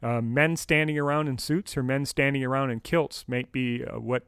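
A man's voice: medium pitch, steady tone, moderate pace, a bit bright, smooth, no room sound. Chatty male podcast co-host, dry sound. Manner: chatty, laughs often between remarks. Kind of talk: casual chat.

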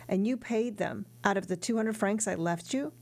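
A woman voicing an earnest, warm-hearted young sailor in an audiobook reading. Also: medium pitch, normal speed, lightly acted. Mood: eager.

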